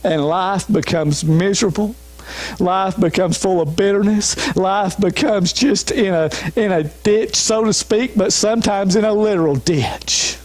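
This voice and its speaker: Man, pastor, emphatic sermon, high voice, repeated refrains. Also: measured pace, no room sound. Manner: emphatic, repeats refrains, urges listeners to listen.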